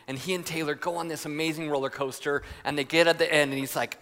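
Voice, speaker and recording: A man preaching a sermon, telling a story with lively voices. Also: fairly high pitch, quick pace, hardly any pauses. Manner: storytelling with animated voices and laughter. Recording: reverberant hall.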